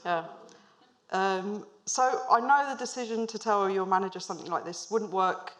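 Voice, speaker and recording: A woman in her thirties, serving as a managing director, addresses a live audience from the stage with a business talk told through stories, lightly humorous and full of questions for the crowd. Her mid-range voice keeps a normal speed.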